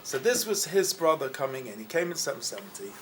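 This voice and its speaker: Lively man telling a story. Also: mid-range voice, quick pace, a little hiss or hum. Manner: lively, bursts into loud chanting when quoting. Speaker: rabbi telling a story at a gathering. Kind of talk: animated storytelling to a group. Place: gathering room with a crowd around the table.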